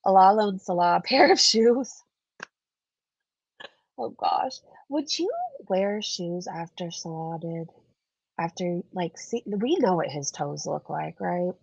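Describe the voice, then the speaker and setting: A woman vlogger talks through viewer comments in a chatty, sarcastic way. Her voice is congested and gravelly. The recording is dry and a bit muffled. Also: lowish voice, animated, unhurried, a little mellow, no echo. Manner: chatty, sarcastic, laughs often. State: stuffed up, congested. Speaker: commentary channel host. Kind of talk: casual commentary vlog reading viewer comments.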